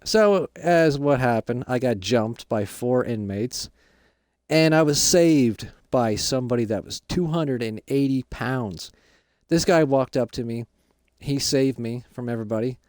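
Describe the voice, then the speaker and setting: A man putting on a deep gruff ex-con dad. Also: a little slow, a little mellow, no echo, clean studio sound, lightly acted. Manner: boastful, rambling storyteller. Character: gruff middle-aged dad just out of prison.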